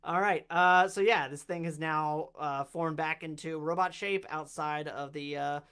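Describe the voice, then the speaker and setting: A game master narrating a tabletop game in a casual, halting way, often stopping mid-sentence on fillers before moving on. The voice sits at a middle pitch and a steady, everyday level. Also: smooth.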